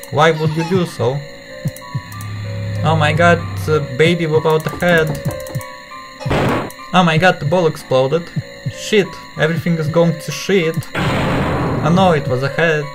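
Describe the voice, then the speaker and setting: A man's voice: a little high, low-quality recording. Jumpy man narrating a horror game. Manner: jumpy, swearing, thinking aloud. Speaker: gamer playing a horror game. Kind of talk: let's play commentary. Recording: music playing behind.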